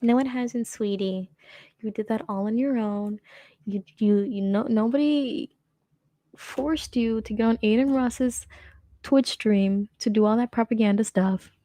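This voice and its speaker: A young woman with a fairly high but mellow voice, talking through a video in a sarcastic, rambling way. The sound is dry and close, with no room around it. She laughs often between remarks. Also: unhurried, no room sound. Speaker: commentary host. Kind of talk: casual reaction commentary.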